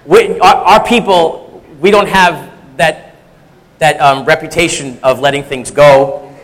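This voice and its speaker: High-voiced man giving a candid sermon. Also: fairly even intonation, takes it slowly, big-room sound. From three-quarters Sicilian heritage. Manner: candid, self-deprecating, conversational with frequent restarts. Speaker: church speaker. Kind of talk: personal testimony sermon.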